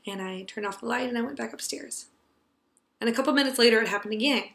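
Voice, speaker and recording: Bright-voiced young woman telling a story. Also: fairly high pitch, quick pace, creaky, echoey room. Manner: earnest, tender, drops to a hush for quiet moments. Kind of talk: personal story told to a class.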